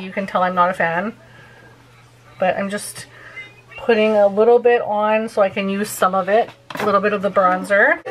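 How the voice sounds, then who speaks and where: A woman's voice: medium pitch, fairly bright tone, a little hiss or hum, poor audio. A woman in her thirties chatting casually through a makeup tutorial, giggly and full of fillers. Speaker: beauty vlogger.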